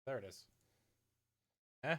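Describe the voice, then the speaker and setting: A man's voice: takes it slowly, sharp tone, slight background noise. A man streaming a game, chatting in an easygoing, offhand way. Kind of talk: casual chat while playing a game.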